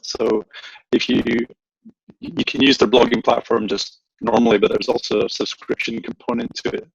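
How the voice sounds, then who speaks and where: A man with a Scottish accent explaining things in a relaxed panel chat, with frequent restarts. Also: mid-range voice, moderate pace, breathy edge, no echo, muffled recording. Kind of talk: casual panel discussion.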